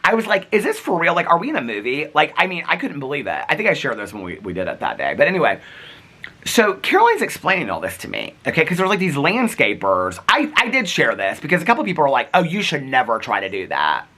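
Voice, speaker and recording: A man tells a long, rambling story straight to the camera, full of asides and acted-out bits of dialogue. His pitch leaps and dips all over the place, and his voice is bright. He has the easy, casual manner of a daily vlogger. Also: fast talker. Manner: chatty, animated, rambling with asides.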